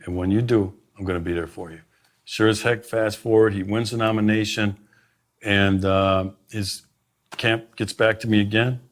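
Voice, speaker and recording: A middle-aged man with a lowish voice spins a long anecdote in a conversation. He is emphatic and keeps restarting his sentences while he finds the words. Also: steady tone, moderate pace. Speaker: sheriff, guest. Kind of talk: storytelling in a conversation.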